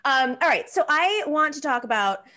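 A woman hosting a political talk show, talking in an animated, rambling and self-deprecating way. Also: sits high, moderate pace.

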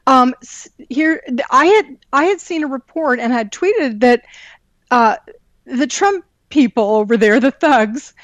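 A woman's voice: high-pitched, animated, unhurried, dry recording. A woman co-hosting a casual political chat, reading out tweets and quotes with many fillers. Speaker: co-host.

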